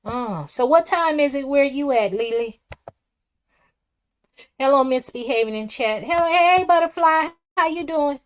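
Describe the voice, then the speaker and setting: A woman's voice: sits high, animated, unhurried. A woman hosting a livestream, reading viewer comments aloud and reacting in a casual, chatty way. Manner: chatty, reads comments aloud and reacts, swings from soft asides to loud exclamations. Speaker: livestream host reading chat. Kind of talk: casual live chat commentary.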